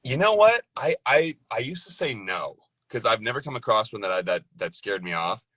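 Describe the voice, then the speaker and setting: A young adult man, a guest voice actor, chatting casually on a podcast, jokey and animated, often repeating words as he starts a thought. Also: on the low side, a little fast, breathy edge, no room sound.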